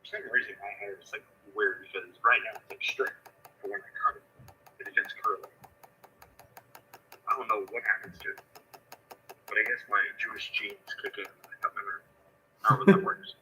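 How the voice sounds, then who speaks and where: Bright-voiced man in casual livestream chat. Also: on the low side, normal speed, pauses often, poor audio. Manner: offhand musing, loose fillers. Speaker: livestream co-host.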